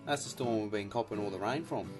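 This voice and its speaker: A man's voice: lowish voice, quick pace, over music, natural voice. A man voicing a crude male Australian bloke with a blunt, swearing manner. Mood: excited.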